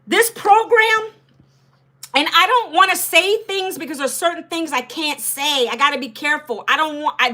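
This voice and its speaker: A woman's voice: high voice, sharp tone. A woman in her fifties from Northern Virginia, chatting casually on a livestream and talking straight to her viewers. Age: 50s. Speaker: livestream host.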